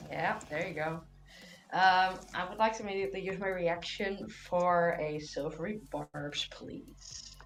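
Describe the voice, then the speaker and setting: A woman's voice: fairly low pitch, a little slow. A woman player wryly recapping a tabletop game session with sarcastic asides. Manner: sarcastic, wry.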